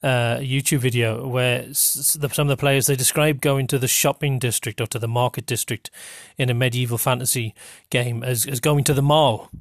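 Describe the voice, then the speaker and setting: A man with a North East English accent hosting a podcast, rambling with many pauses and restarts. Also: mid-range voice, fairly even intonation, no echo, clean studio sound. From North East England. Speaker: podcast host. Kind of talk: casual monologue with a dialect reading.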